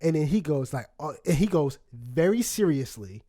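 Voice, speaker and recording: A man co-hosting a podcast, telling a story in a casual, animated way with many fillers and laughs. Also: a little high, moderate pace. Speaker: podcast co-host. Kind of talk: casual chat. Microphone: studio microphone.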